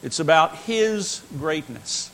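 A man's voice: on the high side, expressive, takes it slowly, a bit bright, a little hiss or hum. A man teaching a Bible lesson in an earnest, emphatic way, repeating his key phrases.

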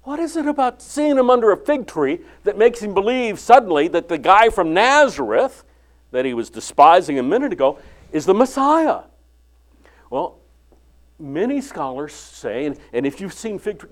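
An older man preaching a sermon, retelling the Bible story and acting out its dialogue with lively inflection. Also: sits high, normal speed. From California.

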